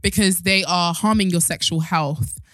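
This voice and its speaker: A woman's voice: on the low side, normal speed, fairly bright tone, no echo. A young woman hosting a podcast, giving earnest advice in a casual, chatty way. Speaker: podcast host. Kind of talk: casual chat.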